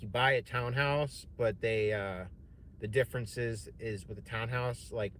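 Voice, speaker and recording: A man's voice: fairly low pitch, fairly bright tone, slight background noise. A young man telling a personal story in a casual, rambling way, swearing often and full of fillers and restarts. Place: home streaming setup.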